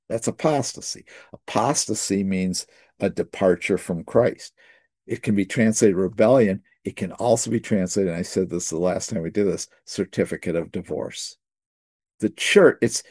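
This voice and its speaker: A man's voice: lowish voice, dark tone, dry recording, studio quality. An older man preaching in a conversational storytelling way, often repeating words as he restarts. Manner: repeats words while restarting, chatty asides. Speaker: pastor.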